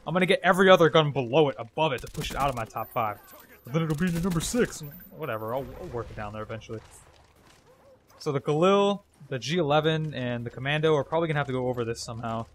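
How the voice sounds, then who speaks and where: A man's voice: a little high, animated, quick pace, a little hiss or hum. A man giving casual, jokey, rambling commentary over his own gameplay. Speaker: gaming commentator.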